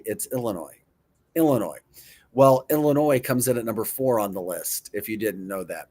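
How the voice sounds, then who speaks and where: A middle-aged man with a fairly low, dark voice hosts a casual chat show at a moderate pace. He's playful, repeating words in mock pronunciations and chuckling often.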